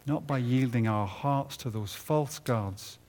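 A man preaching a sermon at a conference, building to loud emphatic peaks and dropping low and quiet at the ends of phrases. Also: takes it slowly. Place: conference hall.

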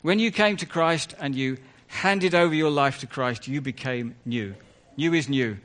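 A man's voice: mid-range voice, measured pace, a bit bright. A man preaching a conversational sermon in church, full of asides and self-corrections.

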